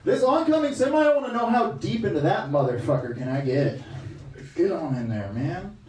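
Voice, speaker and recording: A man's voice: big pitch swings, normal speed, echoey room, recorded from a distance, slight background noise, poor audio. A man doing a stand-up comedy set, brash and crude in his delivery. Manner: brash, crude, loud swings in pitch.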